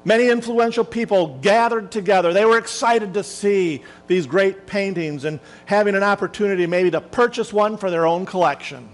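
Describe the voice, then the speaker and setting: A man preaching a sermon as a minister, telling a story dramatically and slowing down for emphasis. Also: sits high, poor audio.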